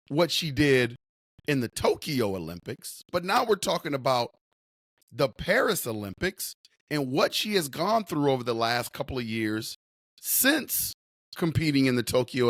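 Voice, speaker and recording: A man's voice: medium pitch, sing-song, a little slow, fairly bright tone, no room sound, studio quality. A man hosting a sports talk show, speaking with emphatic, repetitive hometown enthusiasm. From Upper Midwest. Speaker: sports podcast host.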